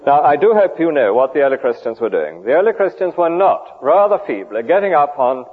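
A man's voice: mid-range voice, big pitch swings, normal speed. A man preaching a sermon, rhetorical with vivid emphasis and dry humour. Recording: tinny, phone-like old radio broadcast.

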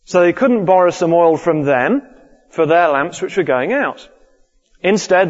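A man preaching a sermon earnestly, repeating his key points. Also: fairly high pitch. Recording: dull lo-fi recording with long hall reverb.

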